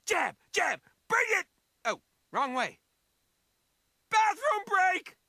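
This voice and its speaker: An actor playing a manic, wisecracking male mercenary in a video game, shouting taunts and one-liners. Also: extremely high pitch, gravelly, dry recording, studio quality, heavily acted. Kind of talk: video game character voice lines.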